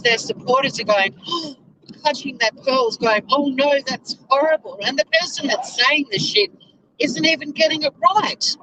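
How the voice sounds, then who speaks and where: A woman's voice: high voice, bright, forceful tone, slight background noise, low-quality recording. A woman vlogging from inside her car, ranting in exasperation and swearing freely. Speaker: YouTuber. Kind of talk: casual vlog rant.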